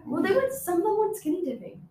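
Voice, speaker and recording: A woman's voice: very high voice, big pitch swings, quick pace, mellow, reverberant, a little hiss or hum, rough recording. A young woman chatting casually with a student group, full of fillers and laughing asides. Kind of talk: casual chat.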